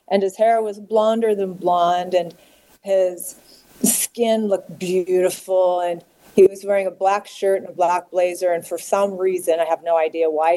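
Low mellow-voiced woman, halting and candid. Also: rough recording. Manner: halting and candid, repeats words. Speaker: guest. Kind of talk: emotional personal interview.

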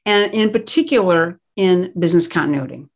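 A woman's voice: fairly low pitch, expressive, fairly quick. Emphatic woman explaining crisis planning. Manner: emphatic, explanatory, stresses key words. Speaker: guest expert on crisis planning. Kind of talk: conversational interview.

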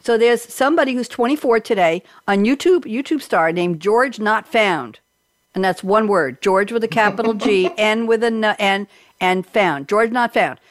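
A woman's voice: medium pitch, moderate pace, dry recording, clean studio sound. A woman hosting a talk show, chatty and joking as she runs through a list of holidays. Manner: chatty, jokey, reads lists of holidays. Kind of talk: lively radio talk show banter.

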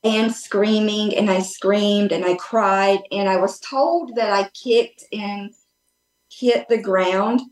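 A woman guest speaks over a remote call from an echoey room. Her telling is casual and earnest, full of restarts and fillers as she circles her story. Her pitch sits in an ordinary middle range for a woman. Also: fairly even intonation, takes it slowly. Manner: rambling, with many restarts and fillers; earnest and open. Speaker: podcast guest.

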